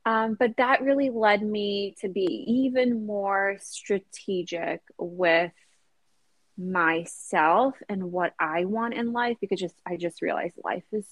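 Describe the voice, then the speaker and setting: A woman's voice: medium pitch, slow, dry recording. A woman in her thirties talking as an interview guest, chatty and casual, with lots of "like" and "you know" fillers.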